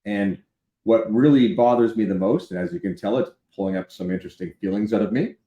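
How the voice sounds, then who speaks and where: A man's voice: fairly low pitch, fairly quick, mellow, reverberant, highs cut off. A man from Canada, an insurance expert, explaining bluntly and emphatically in a candid conversation. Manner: emphatic, blunt, builds intensity.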